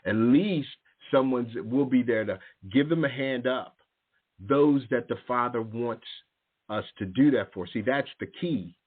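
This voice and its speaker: A man's voice: mid-range voice, unhurried, slightly rough. A man hosting a casual spiritual talk radio show, rambling with restarts and acting out the voices in his stories. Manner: animated storytelling, acting out quoted voices. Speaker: radio show host and youth coach. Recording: narrow phone-like line.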